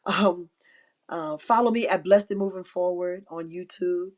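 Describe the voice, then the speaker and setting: Middle-aged woman host, lowish voice, heartfelt faith encouragement, near tears, repetitive. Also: steady tone, a little slow. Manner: heartfelt and encouraging, repeats key phrases. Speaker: livestream host. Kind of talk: inspirational faith talk on a live stream.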